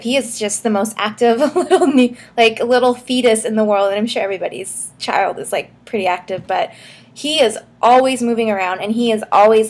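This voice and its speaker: A young woman chatting casually in a vlog, a bit short of breath, giggling often and filling pauses with ums and likes. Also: on the high side. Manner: chatty, giggly, many fillers and restarts. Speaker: vlogger. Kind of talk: casual pregnancy update vlog.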